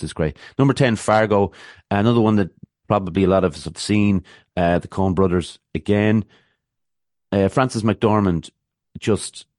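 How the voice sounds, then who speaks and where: A man's voice: low voice, darkish tone, dry recording, studio quality. A man, hosting a podcast and chatting loosely about his favourite films, with many restarts and fillers. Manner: rambling, full of restarts and fillers. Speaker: podcast host. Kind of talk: casual film talk.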